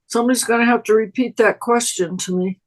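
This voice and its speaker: A woman's voice: on the high side, steady tone, fast, poor audio. An older woman giving a personal testimony at an online recovery meeting, telling stories and acting out her own past words, over a video call.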